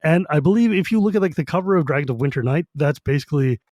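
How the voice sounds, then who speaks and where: A man's voice: a little high, lively intonation, fast talker, darkish tone, no echo, studio quality. A man co-hosting a book podcast, casually retelling scenes and paraphrasing characters in slangy quoted voices. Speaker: podcast co-host.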